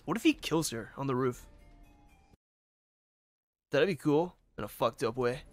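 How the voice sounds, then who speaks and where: A man's voice: medium pitch, lively intonation, a little slow, pauses often, dry recording. A man giving casual gameplay commentary, wry, crude and offhand. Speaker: let's-play commentator.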